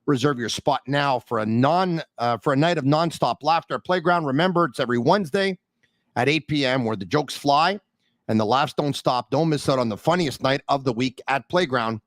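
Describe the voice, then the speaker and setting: A man's voice: mid-range voice, normal speed, a bit bright, dry recording. A man hosting a hockey podcast, reading ads and talking straight to listeners with an emphatic, upbeat manner. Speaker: podcast host. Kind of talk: energetic podcast hosting and ad reads.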